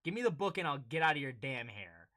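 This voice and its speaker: A man's voice: medium pitch, fast talker. A young man co-hosting a casual podcast, telling stories and acting out both sides of the exchanges. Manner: animated storytelling, acting out exchanges. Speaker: podcast co-host. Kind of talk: casual chat.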